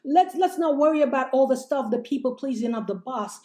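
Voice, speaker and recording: Fiery woman life coach, high mellow voice. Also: lively intonation, a little fast. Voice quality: slightly strained voice. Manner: fiery, preachy, calls listeners "my loves" and "honey"; chants and sings short refrains. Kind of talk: motivational livestream talk. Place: home setup, streaming live. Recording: roomy echo.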